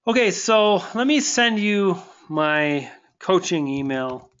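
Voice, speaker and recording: A man coaching online marketing, hosting a live webinar and warmly answering viewers, thankful and stumbling over restarts. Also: sits high, animated, slow pace, clean tone, dull audio.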